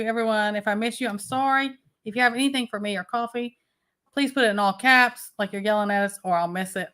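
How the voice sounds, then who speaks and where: A woman's voice: on the high side, fairly bright tone. A woman hosting a casual livestream, chatting and greeting viewers one by one by name. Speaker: livestream host.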